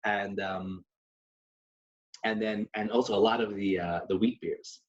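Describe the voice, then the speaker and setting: Animated storytelling man, slightly muffled. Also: fairly low pitch, a little slow. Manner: animated, mixes in Yiddish phrases. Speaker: podcast co-host. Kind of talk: casual chat and storytelling.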